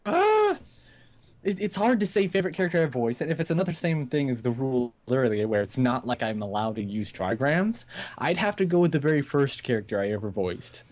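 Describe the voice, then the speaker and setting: A man's voice: mid-range voice, expressive, quick pace, darkish tone. A man who works as a voice actor, co-hosting a casual chat, laid-back and laughing often. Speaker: co-host, voice actor.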